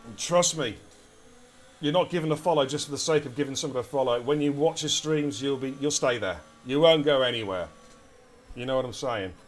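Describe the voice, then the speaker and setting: A man giving live commentary on an online racing league, excitable and chatty, talking straight to his viewers. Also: mid-range voice, fairly quick. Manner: excitable, chatty, addresses chat directly. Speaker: race commentator and streamer. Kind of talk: live esports race commentary.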